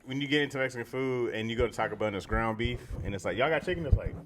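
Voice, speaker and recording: A man's voice: mid-range voice, racing, heavy background noise. A man co-hosting a podcast, teasing his friends in casual, laughing banter. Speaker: podcast co-host. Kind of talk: casual chat.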